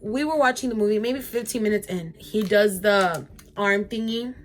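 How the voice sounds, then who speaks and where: A woman's voice: mid-range voice, moderate pace. A woman in her twenties chatting to viewers in a casual storytime vlog, full of "like" fillers. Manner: chatty, lots of "like" fillers, addresses viewers directly. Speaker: vlogger.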